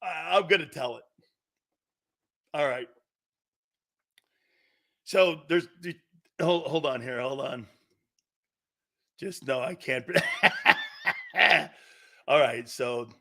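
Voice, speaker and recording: A man's voice: mid-range voice, bright, forceful tone. A middle-aged man hosting a sports talk show, chatting casually, laughing often mid-sentence and firing questions at his crew. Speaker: sports radio host.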